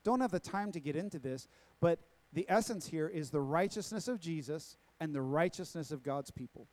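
A man preaches to his congregation, driving points home through repetition and pointed questions. His voice sits noticeably high for a man. The sound is dry and close, with little room echo. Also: a little mellow. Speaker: pastor. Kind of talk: sermon. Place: church sanctuary.

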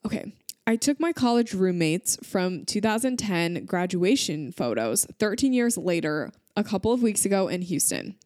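A woman's voice: mid-range voice, animated, normal speed, darkish tone, no echo, clean studio sound. A woman in her thirties hosting a podcast, reading out listener stories and gushing over them in an emotional, chatty way with lots of fillers. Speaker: podcast host. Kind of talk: reading listener stories aloud, casual chat.

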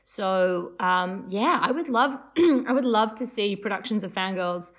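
A young adult woman, a playwright and composer chatting in an interview, talking fast and loose with lots of fillers and restarts. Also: medium pitch, lively intonation. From Australia. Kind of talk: casual interview chat.

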